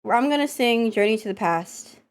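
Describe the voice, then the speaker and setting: Excitable woman streamer with a cold. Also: on the high side, moderate pace, smooth. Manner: excitable, swears, scolds chat playfully. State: has a cold, coughing. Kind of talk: casual live-stream chat.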